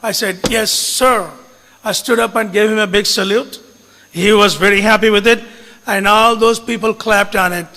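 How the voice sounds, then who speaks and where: A man's voice: high voice, fairly even intonation, pushed and bright, a little hiss or hum. Earnest man in a reverberant hall. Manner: earnest, deliberate, mixes in Hindi phrases. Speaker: speaker recounting his media engagement. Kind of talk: storytelling talk to an audience.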